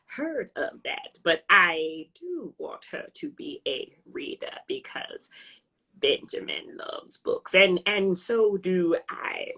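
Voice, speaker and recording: A woman doing an impression of a famous elderly woman poet, speaking slowly and solemnly in a hushed, breathy voice with long pauses. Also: fairly low pitch, very animated, voice pushed down, full character voice. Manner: slow, hushed, breathy delivery with drawn-out pauses.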